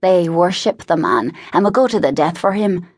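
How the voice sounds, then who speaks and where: Woman doing a rough, defiant hired thug. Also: lowish voice, expressive, normal speed, a little mellow.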